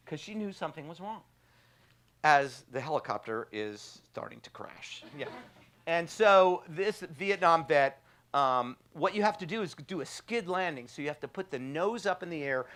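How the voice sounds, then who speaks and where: A man, telling a story casually with many fillers and laughs. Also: a little high. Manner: animated anecdote with frequent fillers and laughs. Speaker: trauma surgeon guest.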